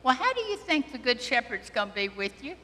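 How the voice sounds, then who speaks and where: A woman priest giving a children's sermon, talking slowly and gently and asking the children questions. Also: high-pitched, sing-song, slight background noise. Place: church sanctuary. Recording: long church reverb.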